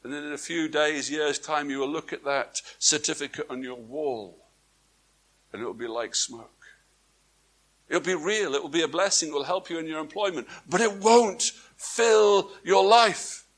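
A man preaching a sermon to a congregation, swinging from quiet, drawn-out phrases to emphatic ones and asking his listeners questions. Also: on the high side. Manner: repeats words for emphasis, asks the congregation questions. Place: church before a congregation, also streamed online.

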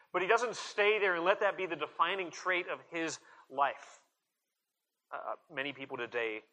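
A man's voice: fairly high pitch, pushed and bright, poor audio. A man preaching an earnest expository sermon, reading scripture aloud and emphatically voicing quoted prayers. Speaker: pastor.

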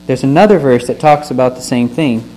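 A man's voice: mid-range voice, fairly quick, dark tone, poor audio. A man gives a sermon, reading verses aloud and then teaching from them in an earnest voice. He stresses key words and asks his listeners questions. A faint mains hum sits under the recording. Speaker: pastor.

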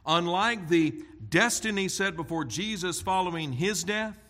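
A man preaching an expository sermon in a deliberate, emphatic way. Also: sits high, pushed and bright. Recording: long hall reverb.

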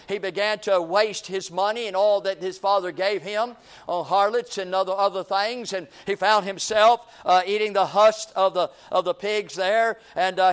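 A man's voice: sits high, clean tone. A man preaching a sermon in a repetitive, rhythmic cadence, calling his listeners friend.

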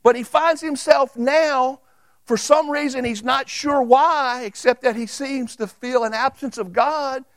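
A man, preaching a sermon as a Baptist pastor and reading scripture aloud with emphatic pauses. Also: very high voice, no echo.

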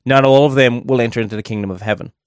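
A man's voice: medium pitch, rapid-fire, no echo, clean studio sound. A man preaching a sermon in a conversational way, thinking aloud and adding asides as he explains a verse.

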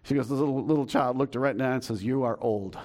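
A man's voice: mid-range voice, steady tone, very fast, background noise. A man in his fifties preaching a sermon as pastor in a church, telling stories in a folksy, joking way with many restarts. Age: 50s. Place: church sanctuary.

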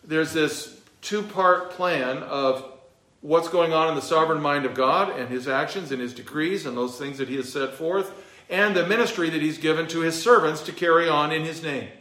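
A man's voice: fairly high pitch, moderate pace, bright, forceful tone, reverberant. A male pastor teaching a verse-by-verse sermon, emphatic, with a few fillers. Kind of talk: expository sermon.

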